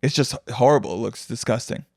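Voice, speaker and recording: A man's voice: medium pitch, fairly quick, vocal fry, a little mellow, no room sound, clean studio sound. A man co-hosting a podcast in casual chat, joking and rambling, often laughing. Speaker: podcast co-host.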